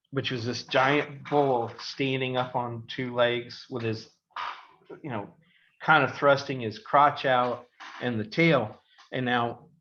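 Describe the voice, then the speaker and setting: A middle-aged man co-hosting a podcast, telling a long school story in an animated way and acting out the voices of the people in it. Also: medium pitch, lo-fi sound, slight background noise. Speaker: podcast co-host, father. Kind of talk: casual storytelling.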